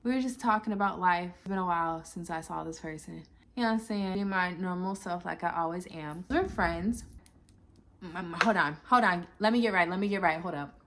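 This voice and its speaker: A woman's voice: on the low side, a little fast, fairly bright tone, a little hiss or hum. A woman vlogging to camera in casual chat, rambling and chatty with many filler asides.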